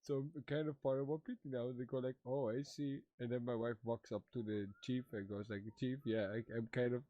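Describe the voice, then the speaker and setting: A man's voice: mid-range voice, brisk, no room sound, muffled recording, natural voice. A man playing Mato, a playful married tribesman in a western roleplay, telling stories in broken English and acting out the voices of others. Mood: storytelling. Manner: broken English, animated retelling with quoted voices. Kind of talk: in-character roleplay chat.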